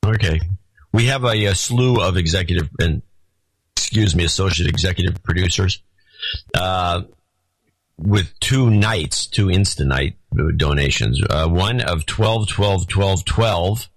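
A man's voice: deep voice, measured pace, no room sound, rough recording. A man co-hosting a podcast in casual chat, reading listener notes aloud with a dry, wry delivery. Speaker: podcast co-host.

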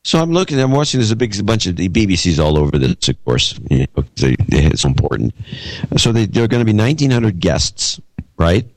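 A male podcast co-host with a very low voice chats casually, pressing his partner with skeptical, probing questions. The recording is close and dry. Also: very animated, a little fast, no room sound. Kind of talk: casual chat.

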